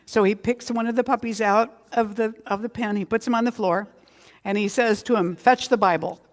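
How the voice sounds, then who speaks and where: A woman's voice: fairly high pitch, steady tone, fairly quick. A woman minister giving a conversational Sunday sermon, drawing out key words for emphasis. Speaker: senior minister. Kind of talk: Sunday sermon with a joke story. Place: community center hall. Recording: long hall reverb.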